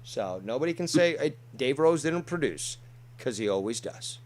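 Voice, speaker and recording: A man's voice: medium pitch, lively intonation, moderate pace. A man hosting a talk show, boasting and swearing heavily as he rambles with many fillers. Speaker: show host. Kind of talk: casual streamed talk show chat.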